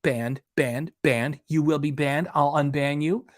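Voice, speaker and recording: A bossy woman streamer barking bans at her chat, then turning sugary. A man puts on her voice in mockery, pushing it higher than his own. The recording is dry and close. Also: steady tone, unhurried, dry recording, close to an everyday voice. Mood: mocking scold. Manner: sing-song scolding, repeats herself.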